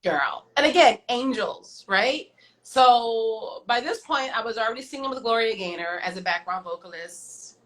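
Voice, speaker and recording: A woman guest on an online show, telling her stories in a lively, chatty way. She acts out the voices of the people in them and drops in slangy asides. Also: a little high, moderate pace, rough recording. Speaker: guest singer. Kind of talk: casual storytelling. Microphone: video call.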